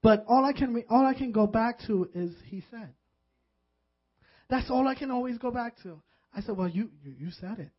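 A man, a pastor, preaching a sermon with earnest, animated delivery that builds into fervent emotion. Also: very high voice, normal speed. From Puerto Rican background. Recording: dull lo-fi audio.

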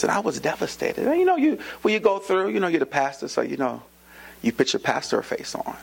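A man preaches with a gravelly edge and a widely swinging pitch. He acts out other voices in sudden high leaps and drops into hushed whispers. A faint hum runs underneath the recording. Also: fairly quick, poor audio. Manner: animated storytelling, acting out quoted voices with sudden high pitch jumps and whispers. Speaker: pastor. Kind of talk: sermon with personal story. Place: church.

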